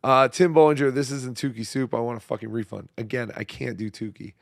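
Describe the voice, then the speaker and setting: Hoarse gravelly man, profane and mumbling. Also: medium pitch, fairly quick, no echo. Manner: profane, mumbling, self-deprecating. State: hoarse, losing his voice. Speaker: show host. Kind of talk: casual livestream chat, reading viewer messages.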